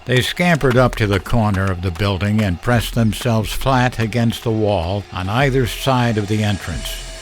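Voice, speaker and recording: A man narrating a horror story in a slow, measured storytelling style. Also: lowish voice.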